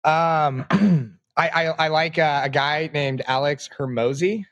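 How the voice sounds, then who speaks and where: A man in his late twenties, a podcast guest, talking in a reflective, halting way with many fillers. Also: a little high, fairly bright tone, dry recording. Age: 20s. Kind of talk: casual interview talk.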